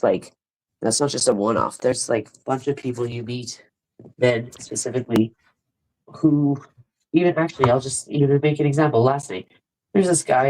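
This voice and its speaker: A woman's voice: very deep voice, darkish tone, a little hiss or hum, low-quality recording. A woman in casual chat, blunt and swearing freely as she tells stories and acts out what people said.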